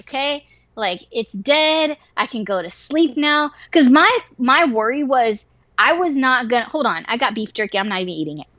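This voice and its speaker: A woman telling a wild story in casual chat, swearing freely and getting animated and excitable. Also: on the high side, moderate pace, hardly any pauses, no echo. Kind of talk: casual story told to a listener. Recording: dry, slightly dull lo-fi recording.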